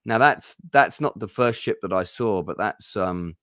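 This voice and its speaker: A man's voice: on the low side, animated, unhurried, a bit bright, dry recording, clean studio sound. Rambling man hosting a stream. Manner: rambling, full of restarts and ums. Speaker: livestream host. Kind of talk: casual chat.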